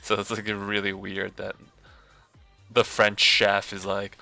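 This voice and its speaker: Young guy streamer rambling slow, gravelly and bright, lots of likes, faint music behind. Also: on the low side, flat delivery. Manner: rambling, amused, lots of "like" and restarts. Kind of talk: casual chat.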